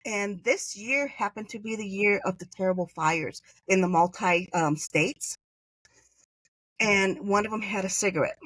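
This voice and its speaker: A woman from Hawaii, a podcast guest, telling a personal story in a rambling way, with sudden high jumps when she voices others. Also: measured pace, poor audio. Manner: animated, acts out quoted voices with pitch jumps; rambling, self-correcting.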